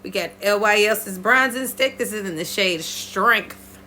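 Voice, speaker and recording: A woman talking viewers through her makeup in a playful, chatty tutorial, breaking into high squeals now and then. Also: a little slow, a little hiss or hum. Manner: lively, playful, talks straight to viewers. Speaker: beauty vlogger.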